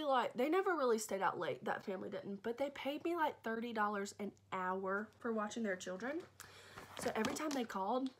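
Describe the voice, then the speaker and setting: Young woman doing a storytime vlog, dramatic and animated, lil bit of background hiss. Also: mid-range voice. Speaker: vlogger.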